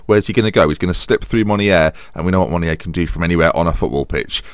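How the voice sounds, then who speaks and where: A young man talks through a football management game in a casual, self-deprecating ramble, often scolding himself by name. His voice sits on the low side. The recording is close and dry. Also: fast talker, smooth, no echo. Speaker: game commentator. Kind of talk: casual let's-play commentary.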